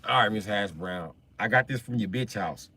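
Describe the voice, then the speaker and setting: Cussing guy rambling on a live stream, low voice but real forceful. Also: normal speed, breathy edge, no echo. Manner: profane, rambling, loud outbursts. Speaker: livestream host. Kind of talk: casual livestream chat.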